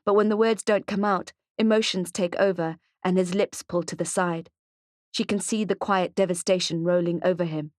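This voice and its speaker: A woman narrating a thriller audiobook in a measured, steady way, recorded on a close microphone in a studio. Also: fairly low pitch, no echo. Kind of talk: scripted narration.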